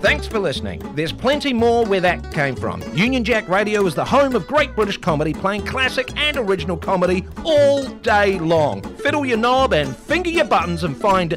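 A cheeky man reading a scripted outro in a high, lively voice. Music plays underneath him. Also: moderate pace, few pauses. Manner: cheeky, jokey. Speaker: podcast announcer.

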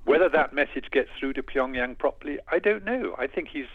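Husky man analyst on a dull line. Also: medium pitch, expressive, no echo. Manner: measured, explanatory, hesitant restarts. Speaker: defense analyst. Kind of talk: radio news interview.

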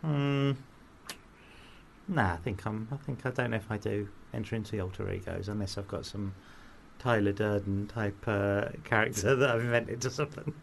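A man co-hosting a podcast in casual chat, answering in a dry, measured way. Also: fairly low pitch, steady tone, creaky, a little hiss or hum. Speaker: podcast co-host.

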